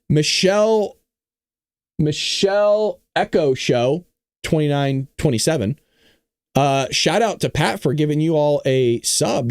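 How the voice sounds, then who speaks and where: A man from California hosting a casual political commentary livestream, talking in an animated, sarcastic way with mock-dumb asides. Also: a little high, no echo, studio quality. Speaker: host of a livestreamed political talk show.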